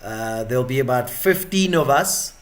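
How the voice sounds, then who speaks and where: A man's voice: mid-range voice, expressive, normal speed. A South African man hosting a live stream, chatting and joking in a rambling, casual way.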